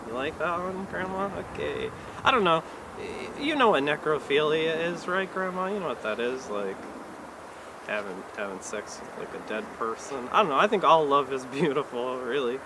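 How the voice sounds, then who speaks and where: At a live venue, a stand-up comedian with a slightly high voice works through his set at a normal pace. His delivery is awkward and deadpan, padded with hedging fillers, and noticeable background noise runs through the recording.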